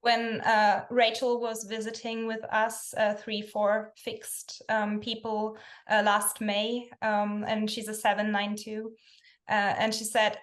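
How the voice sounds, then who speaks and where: A woman's voice: medium pitch, completely flat delivery, takes it slowly. A woman interviewing a group casually, speaking with frequent hesitations and "um"s. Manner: hesitant, filler-heavy.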